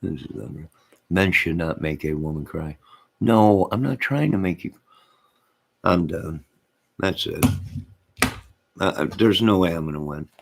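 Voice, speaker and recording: A man's voice: sits low, a little slow, vocal fry, pauses often, slight background noise. A man hosting a live stream, rambling in casual chat with his viewers, often repeating himself and addressing them by name.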